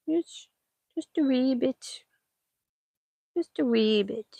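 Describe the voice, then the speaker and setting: A middle-aged woman vlogger chats casually while potting seeds in a greenhouse, now and then talking to her pets. Her voice is high-pitched yet dark and husky with vocal fry, and she goes slowly with frequent pauses. There's no echo.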